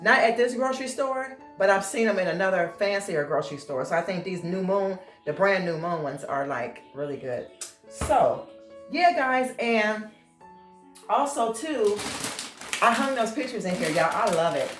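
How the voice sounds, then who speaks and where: A woman's voice: medium pitch, expressive, moderate pace. Home vlogger, woman, chatty, keeps saying y'all, phone camera in an echoey room, faint music behind. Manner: chatty, addresses viewers as y'all. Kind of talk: casual home vlog chat. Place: home kitchen, indoors. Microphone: handheld phone camera.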